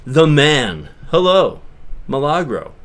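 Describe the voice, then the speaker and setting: A man from Long Island, chatting casually on his livestream in a rambling way that swings from mutters to loud bursts. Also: on the high side, big pitch swings, takes it slowly. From Long Island, New York. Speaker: livestream host.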